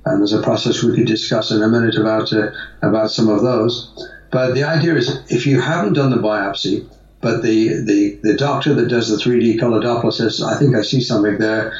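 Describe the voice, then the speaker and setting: A male guest who advocates natural health gives long, rambling conversational answers full of restarts and fillers. His voice is on the low side, fairly even in intonation and fairly quick. The recording is roomy and dull-sounding, captured away from a distant mic.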